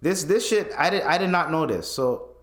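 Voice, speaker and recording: A man's voice: a little high, animated, moderate pace, echoey room. A young man hosting a podcast, ranting casually and profanely with laughs. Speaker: podcast host. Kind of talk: casual solo podcast rant.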